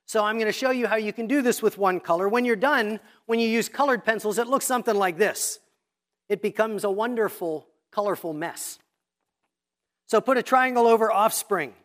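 A man's voice: high-pitched, a bit bright. A man preaching in a church, walking the congregation step by step through marking up a Bible passage. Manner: instructive, walking listeners step by step through a text. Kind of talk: sermon teaching Bible study method. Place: church sanctuary.

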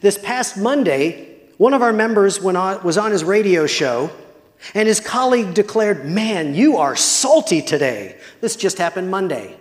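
A man preaching a sermon as pastor, measured and deliberate, sometimes putting questions to the congregation. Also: high-pitched, very animated. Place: church. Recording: long hall reverb.

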